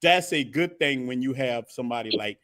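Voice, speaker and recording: A man hosting a casual group chat, slangy and quick to laugh. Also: medium pitch, animated, fairly bright tone. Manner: slangy, laughs often, calls others big dog. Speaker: host.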